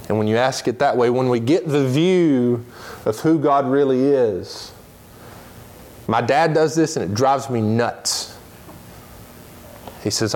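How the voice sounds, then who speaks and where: A man teaching a Sunday school Bible lesson in an earnest way, slowing down when he stresses a point and reading scripture aloud in quick bursts. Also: medium pitch, darkish tone, a little hiss or hum.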